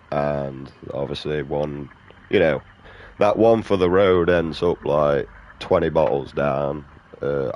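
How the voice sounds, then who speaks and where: Very deep-voiced gamer. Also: male voice, darkish tone, a little hiss or hum. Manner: rambling, profane, drawling. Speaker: gaming streamer. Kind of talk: casual commentary while playing.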